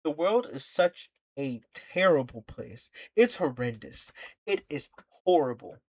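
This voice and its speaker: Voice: mid-range voice, expressive, unhurried. Brief: streamer, mid-register voice, angry reaction rant with repeated emphatic lines. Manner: indignant, impassioned ranting; rhetorical questions, repeats for emphasis.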